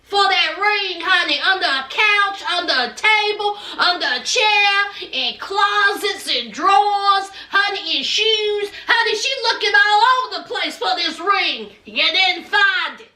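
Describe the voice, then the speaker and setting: A woman's voice: extremely high pitch, animated, unhurried, hardly any pauses, pushed and bright, roomy sound, far from the mic. A woman giving a sassy, casual recap of a reality TV episode, calling her listeners honey.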